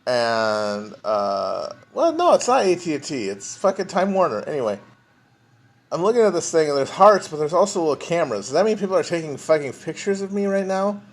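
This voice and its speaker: A man's voice: fairly high pitch, big pitch swings, a little fast. A man hosting a casual solo livestream from home, rambling and swearing, breathing heavily into a phone mic. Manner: rambling, profane and self-deprecating. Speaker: podcast host. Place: at home, alone.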